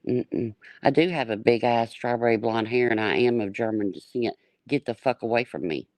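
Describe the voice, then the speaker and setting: A woman's voice: very deep voice, normal speed, a little mellow, dry recording. A woman on a livestream panel, talking bluntly and brashly with cursing. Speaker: panel guest. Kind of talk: casual livestream chat.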